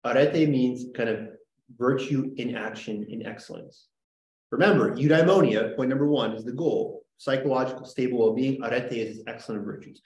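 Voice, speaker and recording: A man's voice: mid-range voice, normal speed, a little mellow, roomy sound, poor audio. A man teaching a classroom lesson in a chatty, joking way, often checking in with "right?". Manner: chatty, jokey, lots of "right?" and "like". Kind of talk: classroom lecture.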